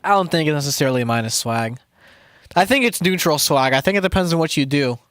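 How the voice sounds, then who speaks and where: A man's voice: a little high, lively intonation, fast, fairly bright tone, no echo, clean studio sound. A young man who makes music, chatting casually to his stream as he works. He rambles, swears often and mocks himself, restarting his sentences a lot. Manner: rambling, profane and self-mocking, with many restarts. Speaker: music producer streaming to chat. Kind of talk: casual live-stream chat while producing.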